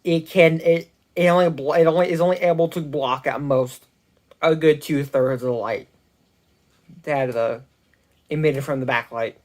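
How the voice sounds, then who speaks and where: Speaking into a phone mic, a tech reviewer offers a loose, meandering product review, stumbling into many restarts and self-corrections. His mid-range voice is a little mellow, with fairly even intonation.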